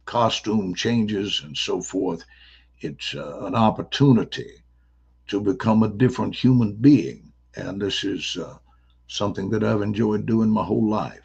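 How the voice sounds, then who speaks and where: A middle-aged Southern man with a Southern accent, telling stories in a playful, animated way as an interview guest. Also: fairly low pitch, a little slow, gravelly, breathy edge, highs cut off. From American South. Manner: animated, playful, slips into voices. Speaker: actor guest. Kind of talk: casual interview storytelling.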